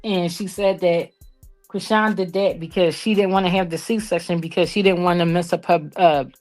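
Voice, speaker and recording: A woman's voice: on the low side, fairly even intonation, normal speed, darkish tone, soft background music. A woman hosting a live commentary stream, talking casually and directly to her viewers. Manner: chatty, addresses viewers directly.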